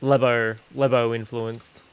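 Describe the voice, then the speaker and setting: An Australian man streaming a game, chatting in a relaxed way and swearing casually. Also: medium pitch, takes it slowly, smooth. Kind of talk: casual chat while gaming.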